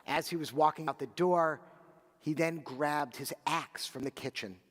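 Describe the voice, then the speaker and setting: A man's voice: on the high side, measured pace, in a large hall. Man telling a story from the bimah. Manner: animated storyteller with asides to children. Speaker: clergy leading Shabbat services. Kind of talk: storytelling sermon and liturgy.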